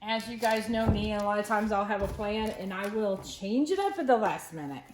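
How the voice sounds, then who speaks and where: A woman's voice: medium pitch, lively intonation, normal speed, background noise. A woman resin artist talking casually through a craft project, rambling and correcting herself as she thinks aloud.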